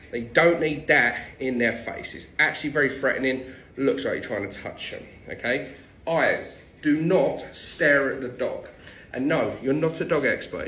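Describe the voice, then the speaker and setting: A man's voice: medium pitch, fairly bright tone, roomy sound, low-quality recording. A man working as a dog trainer, giving blunt, no-nonsense instructions with the odd swear word. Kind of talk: direct instructional tips.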